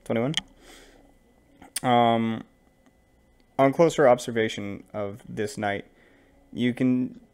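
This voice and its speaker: A man narrating as game master of a tabletop game, relaxed and rambling, with frequent fillers. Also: mid-range voice, slow pace, long pauses, clean tone.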